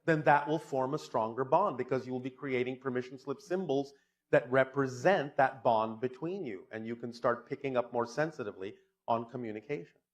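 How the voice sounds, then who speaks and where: A man's voice: medium pitch, fairly quick. A man speaking as a channeler, answering audience questions bluntly and often turning them back with his own probing questions. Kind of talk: live question-and-answer session.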